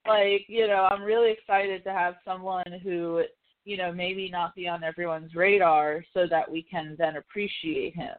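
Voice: medium pitch, little pitch movement, moderate pace. A podcast host chatting casually about films, rambling with lots of fillers and frequent swearing. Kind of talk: casual pop-culture chat. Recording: phone-like narrow band.

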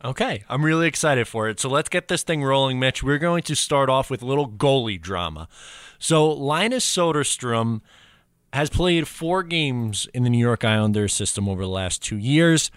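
Steady man leading a sports chat. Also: mid-range voice, normal speed, clear, resonant tone, dry recording, clean studio sound. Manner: steady and explanatory, leads the segments. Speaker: podcast co-host. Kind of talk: casual sports podcast chat.

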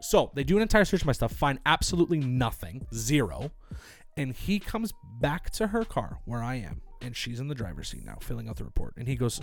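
A young man co-hosting a podcast, telling a story in animated, casual chat, swearing freely and acting out other people's lines. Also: mid-range voice, fairly quick, creaky, soft background music. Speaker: podcast co-host.

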